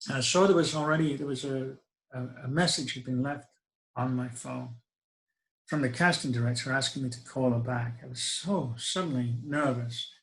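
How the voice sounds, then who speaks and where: A man's voice: mid-range voice, normal speed, rough recording. A middle-aged man, telling a personal story in a reflective, wry way with hesitant restarts. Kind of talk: first-person spoken storytelling.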